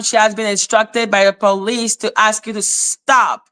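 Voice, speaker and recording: Bright-voiced woman scolding her live chat. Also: mid-range voice, little pitch movement, measured pace, smooth. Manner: confrontational, scolding viewers in chat. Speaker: livestream host. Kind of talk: live stream talk answering chat.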